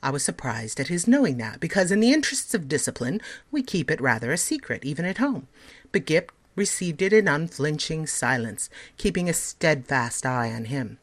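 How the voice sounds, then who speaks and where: A woman teacher reading a story aloud in an expressive, measured way. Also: sits low.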